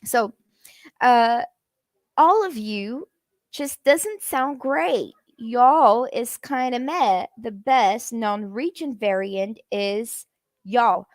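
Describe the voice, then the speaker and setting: A woman teaches English on a live stream in a fairly high voice, taking her time over each phrase. She chats with her viewers and greets them as she reads their comments. Her voice sits close and dry, with no room echo around it. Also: expressive, drawn-out words. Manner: chatty, addresses viewers in the comments. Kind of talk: live-streamed language lesson.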